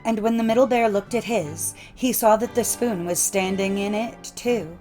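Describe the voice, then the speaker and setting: A woman reading old folk tales aloud in a measured storytelling cadence. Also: medium pitch, mellow, soft background music. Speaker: narrator. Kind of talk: scripted storybook narration.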